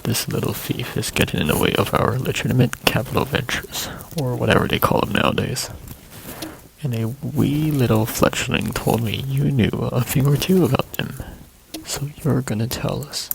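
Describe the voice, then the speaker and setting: A man's voice: medium pitch, normal speed, gravelly, slight background noise, natural voice, low-quality recording. A man voicing a menacing male gang thug who bullies a witness in a tough-guy swagger. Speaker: game character voiced by player.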